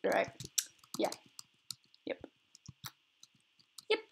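Speaking extremely slowly against a noisy background, a young woman chats casually as she records gameplay. She rambles, giggling and laughing at herself frequently.

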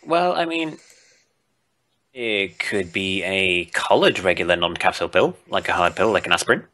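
A young woman co-hosting a game playthrough, joking in a dry drawl and dipping into gruff voices. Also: rumbling low, sing-song, moderate pace, fairly bright tone. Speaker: let's play co-host. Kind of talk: casual game commentary with voices.

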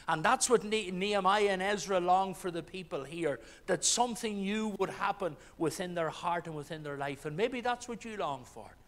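A man's voice: a little high, a bit bright. A man preaching a sermon as pastor, earnest, with restarts and swells of emphasis. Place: church. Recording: church hall with long reverb.

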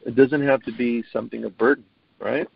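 Gravelly middle-aged man, earnest and halting. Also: medium pitch, steady tone, dry recording. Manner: earnest, repeats words when starting sentences. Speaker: guest. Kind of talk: casual interview talk. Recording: dull, lo-fi audio.

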